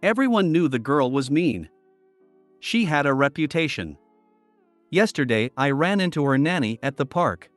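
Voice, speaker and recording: A man reading online stories aloud as a narrator in a steady voice. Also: on the high side, normal speed, no echo. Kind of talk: scripted story narration. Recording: dry with faint music behind.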